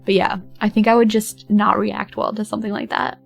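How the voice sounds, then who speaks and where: A woman's voice: medium pitch, little pitch movement, moderate pace, gravelly, soft background music. A young woman streaming and chatting casually, rambling, laughing often and swearing with dramatic outbursts. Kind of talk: casual livestream chat.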